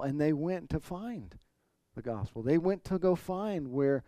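A man's voice: fairly high pitch, animated, a little slow, dark tone, no echo. A man pastor preaching an expository sermon, earnest, building to emphatic points. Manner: earnest preaching, rising emphasis, occasional throat clearing.

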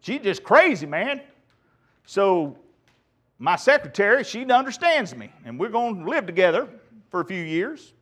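A man's voice: high-pitched, very animated, unhurried, a bit bright, voice pushed up, full character voice. A man preacher putting on a congregant making brash excuses for leaving his wife. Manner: brash and self-justifying.

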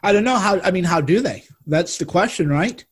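A man's voice: sits high, expressive, brisk, slightly rough. A man hosting a casual talk, speaking bluntly and indignantly, with some swearing. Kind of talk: casual political chat.

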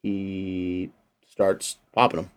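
In a low, monotone voice delivered very slowly, a male podcast co-host casually walks through a film's plot. He acts out the characters' lines as he retells it.

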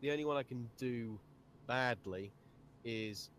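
A man's voice: medium pitch, measured pace, fairly bright tone, a little hiss or hum. A British man chatting as a podcast guest in a blunt, sweary way with dry humor. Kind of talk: casual chat.

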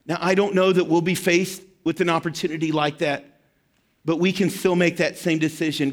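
A man pastor telling a story in a sermon, dropping to a hushed tone for emphasis. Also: fairly high pitch, flat delivery, moderate pace.

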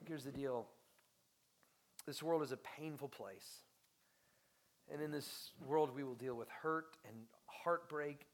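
A young adult man preaching a sermon as pastor, passionate, rising to loud emphasis and dropping to hushed near-whispers. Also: mid-range voice, slow, long pauses.

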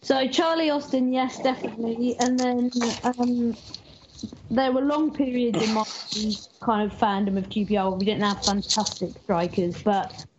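A woman talking football in a thoughtful, measured way over a video call. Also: a little high, fairly even intonation. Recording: dull lo-fi call audio, faint noise.

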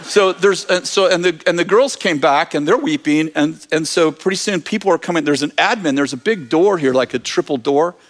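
Animated man telling a sermon story. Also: on the high side, fairly quick, hardly any pauses.

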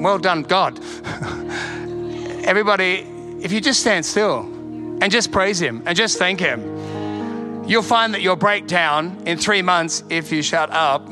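Brief: male pastor, high voice, fervent repeated exhortations, sermon with clear music underneath. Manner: exhorting, emphatic repetition, laughs between lines. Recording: preaching over clear instrumental music.

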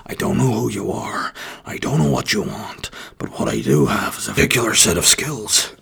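A man doing an impression of a menacing film hero who threatens revenge in a low, hushed voice. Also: very animated, moderate pace, creaky, breathy edge, heavily acted.

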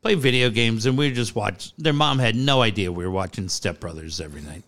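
Smooth-voiced rambling man. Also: fairly low pitch, a little fast, a bit bright. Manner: rambling, laughs easily. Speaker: guest. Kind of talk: casual chat.

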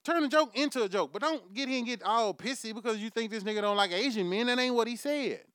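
A man's voice: extremely high pitch, fast, a bit bright, smooth, dry recording, studio quality. A man hosting his own podcast, delivering a profane comic monologue and laughing at his own jokes. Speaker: podcast host.

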